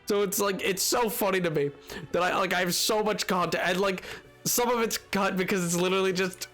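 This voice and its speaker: A man's voice: high-pitched, steady tone, a little fast, fairly bright tone, faint music behind. A young man streaming a game, chatting casually in a rambling, self-mocking way and laughing often. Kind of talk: casual gaming stream chat.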